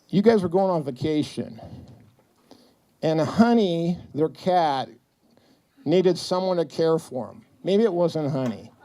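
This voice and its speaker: With a high, mellow voice, a middle-aged man entertains an event-hall audience at a retirement celebration, telling jokey anecdotes and acting out the quoted lines.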